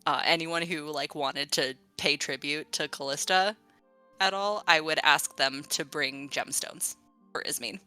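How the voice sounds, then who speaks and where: A woman player chatting during a tabletop game, giggly and unhurried, with many fillers. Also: deep voice, bright, forceful tone, smooth, faint music behind. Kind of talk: tabletop role-play chat.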